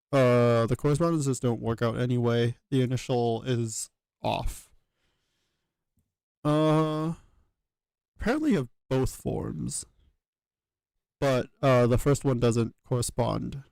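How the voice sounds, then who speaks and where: A channel host thinks aloud while working through a reconstruction, hesitating with many fillers and self-corrections. His mid-range voice is creaky and darkish, with no echo.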